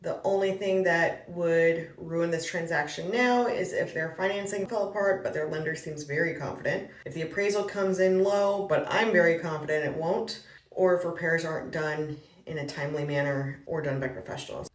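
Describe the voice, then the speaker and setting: A woman real estate broker acting out a comedic reenactment of her phone calls, talking in a brisk, polite, businesslike way. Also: on the low side, steady tone, echoey room, far from the mic.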